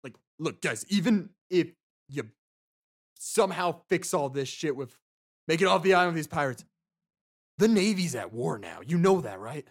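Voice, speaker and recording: A man's voice: on the high side, expressive, normal speed. A man narrating and voicing characters as game master of a tabletop game, with a hesitant manner. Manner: hesitant, lots of ums and restarts.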